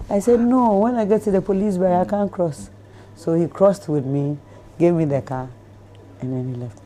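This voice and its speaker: A middle-aged Ghanaian woman telling a lively story in an interview, acting out the people in it. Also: low-pitched, moderate pace, a little hiss or hum. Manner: animated storyteller who acts out voices, laughing. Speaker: celebrity guest.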